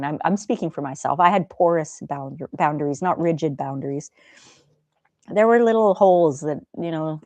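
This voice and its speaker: A woman hosting a livestream in a gentle, chatty way, reading viewer comments aloud. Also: on the low side, dry recording. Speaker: livestream host. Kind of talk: casual chat.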